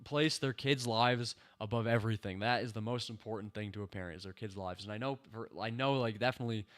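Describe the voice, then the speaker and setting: A man giving a casual TV review, ranting in an exasperated, animated way with slang, talking into a personal microphone. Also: fairly low pitch, fast. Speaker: show reviewer.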